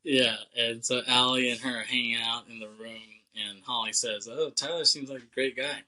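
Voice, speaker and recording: Young guy on a podcast, super bright voice, swears a lot, keeps doing the characters' lines and laughing. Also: medium pitch, fairly even intonation, moderate pace, rough recording. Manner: loose and profane, acts out characters' lines with laughs. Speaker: podcast co-host. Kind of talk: casual chat recapping a movie.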